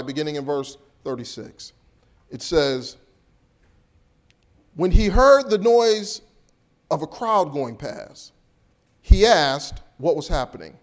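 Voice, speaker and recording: A man preaching a sermon as pastor, swinging between hushed and raised delivery, often repeating words as he builds a point. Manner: preaching with dramatic swings in pitch and volume.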